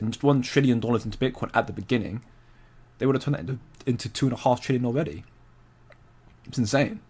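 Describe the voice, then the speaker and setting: A young man hosts a relaxed livestream, talking at an ordinary, mid-range pitch. He rambles in a loose, conversational way, breaks off to greet viewers and answer their comments, and laughs easily. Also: breathy edge. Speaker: crypto livestream host. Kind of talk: casual livestream chat.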